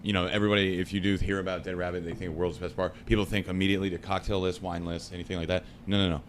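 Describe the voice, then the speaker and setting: A man's voice: deep voice, little pitch movement, racing. A man co-hosting an interview, agreeable and jokey, often chiming in to back up the others. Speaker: podcast co-host. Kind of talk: casual interview chat. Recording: faint background noise.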